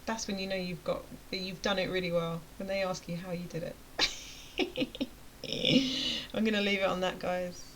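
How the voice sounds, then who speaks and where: A woman's voice: lowish voice, measured pace, long pauses, a bit bright, slight background noise, low-quality recording. A woman running a motivational rant to camera, chatty and emphatic, sometimes dropping to a near-whisper. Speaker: vlogger and web design coach.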